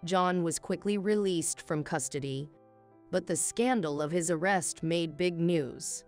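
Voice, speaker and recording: A woman narrating a scripted first-person story in a calm, cool, measured manner. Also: low-pitched. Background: faint music.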